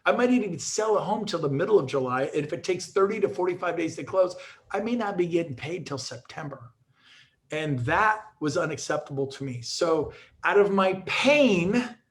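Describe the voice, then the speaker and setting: A middle-aged man giving an energetic motivational talk as a guest speaker, telling stories with frequent restarts. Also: on the high side. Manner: energetic storytelling with repeated restarts.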